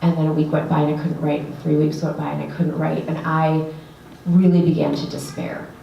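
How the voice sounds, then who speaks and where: A woman writing coach telling an earnest, animated story to an audience, with lots of fillers. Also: low voice, brisk, vocal fry, muffled recording, a little hiss or hum. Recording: echoey room, voice from a distance.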